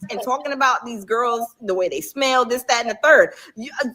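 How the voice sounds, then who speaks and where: A woman co-hosting a casual reaction show, animated and speaking straight to the audience. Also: a little high, brisk. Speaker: co-host.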